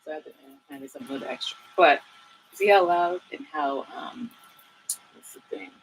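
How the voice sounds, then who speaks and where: A woman teaching saxophone in a relaxed, chatty way, with many fillers and asides. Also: fairly low pitch, brisk, over music, low-quality recording. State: a bit out of breath at times. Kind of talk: casual tutorial talk.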